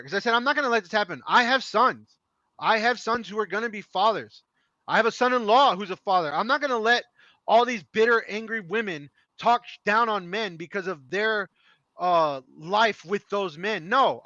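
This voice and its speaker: A man's voice: high voice, bright, forceful tone, no echo. A middle-aged man ranting on a podcast, impassioned, emphatic and profane. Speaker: podcast co-host. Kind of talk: heated opinion rant. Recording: dry, dull lo-fi sound.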